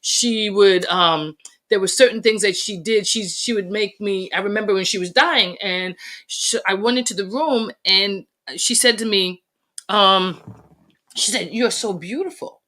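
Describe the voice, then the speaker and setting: A middle-aged woman, a podcast guest, telling lively family stories in a casual chat and laughing through the funny parts. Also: medium pitch, a little slow.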